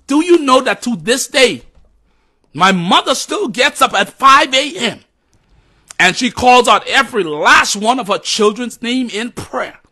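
A man's voice: high-pitched, bright, forceful tone, husky. A man preaching a sermon in an emphatic, repetitive cadence, closing in prayer.

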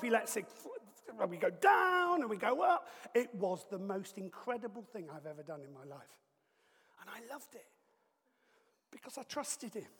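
A man preaching, telling a lively, comic story with acted-out asides. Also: very high-pitched, long reverb tail. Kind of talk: storytelling sermon.

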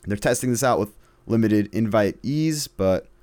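Man, lowish voice, casual podcast co-host reading game headlines. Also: expressive, moderate pace, darkish tone. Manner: reads headlines, loose and profane. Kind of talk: casual gaming news chat.

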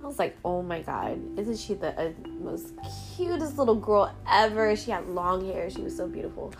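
A woman telling a rambling, animated story to her viewers, full of restarts and fillers. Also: medium pitch, normal speed, vocal fry, over music.

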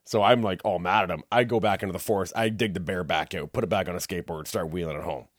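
A man's voice: sits low, fast talker, no room sound, clean studio sound. A man on a casual podcast, telling a story and acting out the people in it. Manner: animated storyteller who acts out the people in his tale. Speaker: podcast co-host.

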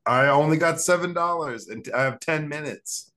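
A man's voice: on the high side, normal speed, a bit bright. A young man co-hosting a podcast, chatting casually and rambling through silly scenarios with frequent laughs. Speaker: podcast co-host.

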